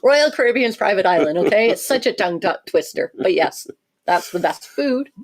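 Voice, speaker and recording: A woman's voice: mid-range voice, animated, moderate pace. A middle-aged woman from Canada co-hosting a casual cruise livestream, chatty and laughing often as she reads viewer comments.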